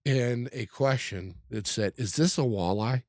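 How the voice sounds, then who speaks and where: A man chatting as a podcast guest, telling stories in a laid-back way with halting restarts. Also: mid-range voice, a little mellow, dry recording. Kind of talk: casual chat.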